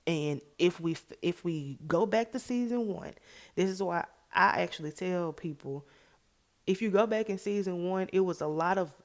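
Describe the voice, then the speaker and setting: A woman's voice: on the low side, moderate pace. A woman giving a casual, opinionated TV episode recap, chatty and emphatic. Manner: chatty, retells scenes by acting out the characters' lines. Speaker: TV recap vlogger.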